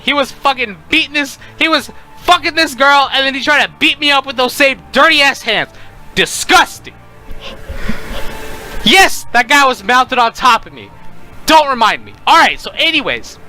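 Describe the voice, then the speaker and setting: A young man telling a casual storytime, animated and profane, with faint music behind him. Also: very high voice.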